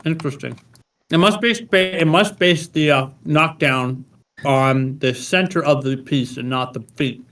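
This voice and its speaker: Game master a little far from the mic. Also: male voice, fairly high pitch, a little slow, fairly bright tone. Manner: descriptive, with frequent ums. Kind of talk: narrating a tabletop game.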